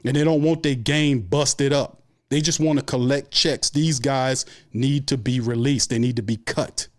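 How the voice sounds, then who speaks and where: A man's voice: mid-range voice, fairly even intonation, measured pace. A man hosting a sports show, delivering an angry, profane fan rant full of repeated complaints. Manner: angry, profane, repetitive ranting.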